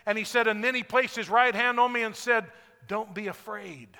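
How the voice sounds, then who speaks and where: A man pastor preaching a sermon to a congregation, building to loud shouted lines and then dropping his voice. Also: very high-pitched, little pitch movement, fast, smooth. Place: church sanctuary. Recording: echoey hall.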